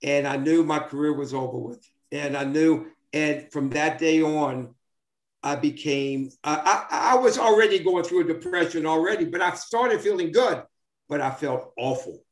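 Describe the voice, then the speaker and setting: A man's voice: fairly high pitch, normal speed. A man in his seventies telling old sports stories casually, rambling with many fillers and restarts. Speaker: former baseball player, guest. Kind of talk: casual storytelling. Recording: roomy echo.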